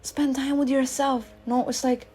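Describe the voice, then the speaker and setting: Animated woman in her thirties, fairly high. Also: a little slow, a little hiss or hum. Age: 30s. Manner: animated, swings between loud bursts and soft asides. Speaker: radio show host. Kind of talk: casual spiritual monologue.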